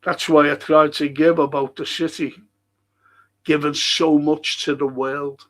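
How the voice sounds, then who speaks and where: A middle-aged man with a broad Liverpool accent speaks in a rambling, casual monologue. His voice sits a touch high, and it leaps much higher when he gets worked up. He swears freely as he rants. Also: level tone, measured pace. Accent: Liverpool (Scouse). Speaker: show host.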